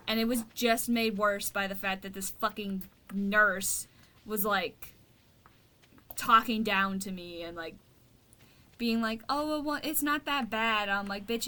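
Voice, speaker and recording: Woman streamer, bright and blunt. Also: medium pitch, slight background noise. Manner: venting, blunt and profane. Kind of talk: casual chat while gaming.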